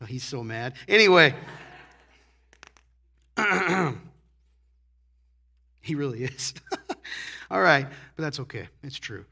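A man preaching a sermon to his congregation in a casual, conversational way, often asking "right?" and swinging from hushed asides to loud emphasis. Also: on the high side, vocal fry. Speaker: pastor. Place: church sanctuary.

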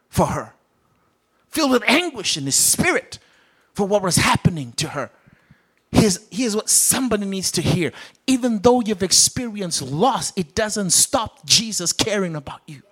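A man's voice: sits high, bright, forceful tone, husky. A man preaching a sermon with a British accent, acting out the Bible characters as he goes. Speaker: pastor.

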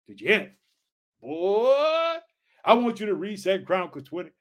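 A man preaches with fervent energy, his voice sitting high. He reads scripture aloud and keeps breaking off to exclaim to his listeners. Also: big pitch swings, moderate pace. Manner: fervent, exclaiming, calls listeners "boy" and "family". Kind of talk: energetic Bible-reading sermon.

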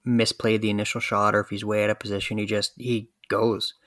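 A man co-hosting a casual sports podcast, thoughtful, with halting starts. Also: lowish voice, level tone, crowd noise. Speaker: podcast co-host.

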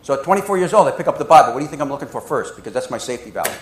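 A man preaching a sermon, telling stories with swings between hushed and loud delivery. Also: mid-range voice, lively intonation, rapid-fire, echoey room, low-quality recording. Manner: emotional, dramatic storytelling with swings from hushed to loud. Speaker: pastor.

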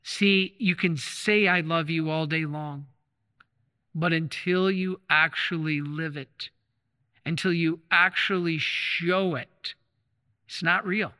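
A man's voice: on the high side, steady tone, slow, bright, forceful tone. A man preaching as a Catholic priest, telling a story in a conversational way with restarts and repeated phrases, recorded in a church. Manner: conversational, retells stories with restarts and repetition. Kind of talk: sermon with storytelling. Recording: long reverb of a large hall.

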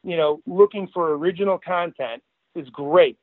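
A man's voice: high-pitched, normal speed, dry recording, narrow, tinny audio. A man telling entertainment business stories in a casual podcast chat, acting out quotes as he goes. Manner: animated anecdote teller, acts out quotes. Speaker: guest, entertainment executive.

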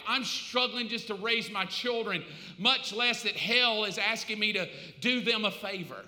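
A man preaching a sermon, shifting from quiet storytelling to loud, pleading acted voices. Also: high voice, lively intonation, unhurried. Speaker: pastor. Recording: echoey hall.

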